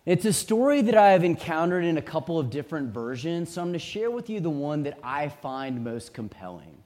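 A man preaching a sermon, telling a story in a measured, vivid way with dramatic pauses. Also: a little high, big pitch swings, a little mellow. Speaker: pastor.

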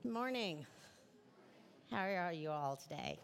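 A woman's voice: on the low side, lively intonation, a little slow, slight background noise. A middle-aged woman pastor giving a conversational sermon in church, often checking in with "right?".

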